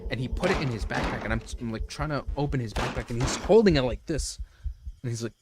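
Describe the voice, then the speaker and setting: A man's voice: medium pitch, fast talker, noisy background. Man spinning a heated story on stream. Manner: animated, profane, lots of restarts and "you know". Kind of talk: casual storytelling to a live chat.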